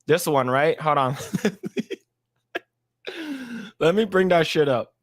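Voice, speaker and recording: A man's voice: on the high side, sing-song, slow, no room sound, clean studio sound. A man hosting a casual livestream chat, rambling and laughing often. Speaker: podcast host.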